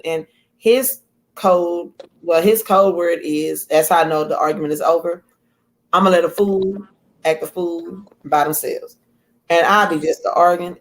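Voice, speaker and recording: A woman guest telling stories in a casual chat, acting out quoted lines with an animated, rising voice. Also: fairly low pitch. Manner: animated, acts out quotes in a raised voice. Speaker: guest author.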